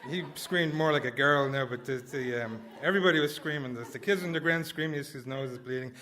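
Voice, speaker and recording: A man's voice: medium pitch, quick pace, bright, forceful tone. A man performing a comic personal story at a live story slam, rambling and self-mocking, laughing through his lines. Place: small live venue indoors.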